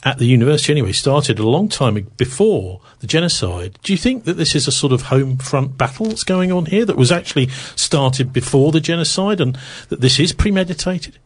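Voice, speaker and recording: Man asking halting questions. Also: on the high side, big pitch swings, slightly rough. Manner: halting questions with many fillers. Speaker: interview host. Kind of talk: interview questions.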